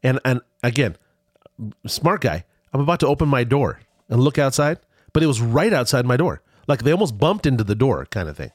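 A man's voice: mid-range voice, sing-song, a little fast, no echo, studio quality. A man telling a rambling travel story in casual chat, with many restarts.

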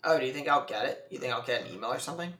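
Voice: medium pitch, very fast, a bit bright. Easygoing podcast co-host in an echoey room. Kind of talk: casual podcast chat.

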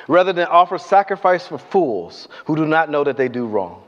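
A man preaching a sermon, telling a Bible story in a lively way, acting out the voices and asking the congregation questions. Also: fairly high pitch, moderate pace. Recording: dull lo-fi sound with long hall reverb.

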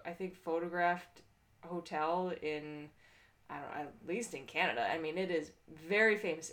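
A woman co-hosting a casual podcast, chatty and easy to laugh as she rambles through a story. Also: lowish voice. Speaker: podcast co-host. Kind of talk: casual chat.

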